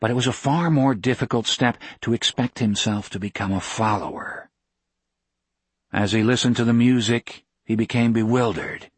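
A man reading a novel aloud as narrator, with a measured, gentle delivery. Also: mid-range voice, slightly rough, no room sound. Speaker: audiobook narrator. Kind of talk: scripted narration.

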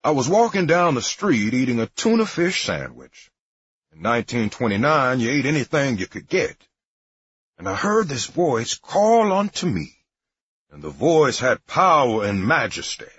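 A man voicing a grandiose preacher who declaims slowly and solemnly. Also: medium pitch, sing-song, fairly bright tone, slightly rough, no echo, pitched above the performer's own voice. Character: grand, booming preacher telling a comic tale. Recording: dry, dull lo-fi recording.

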